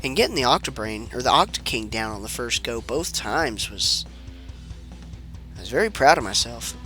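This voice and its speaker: A man's voice: mid-range voice, animated, normal speed, pushed and bright, faint music behind. A man with a sick-sounding voice, giving laid-back, rambling commentary over a video game, swearing casually. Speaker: let's play commentator.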